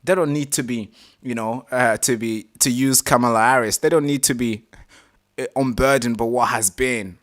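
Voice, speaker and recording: A man hosting a live reaction stream, talking casually, animated and exasperated, swearing freely. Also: mid-range voice, normal speed.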